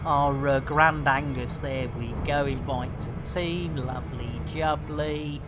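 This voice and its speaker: Man, slow jokey gameplay banter. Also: fairly high pitch, fairly even intonation, noisy background. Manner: jokey, rambling banter with many fillers. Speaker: game streamer. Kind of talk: casual gameplay commentary.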